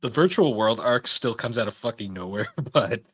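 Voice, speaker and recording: A man with a lowish voice chats casually as a podcast guest, wry and amused. He swears easily and chuckles through his stories. The recording is dry and close. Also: expressive, moderate pace, breathy edge, no echo. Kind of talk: casual chat.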